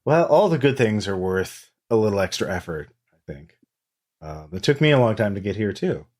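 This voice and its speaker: Serene masked woman, as a deep-voiced man puts her on. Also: sing-song, moderate pace, darkish tone. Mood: serene, wistful. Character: serene masked woman at a masquerade, eerily content.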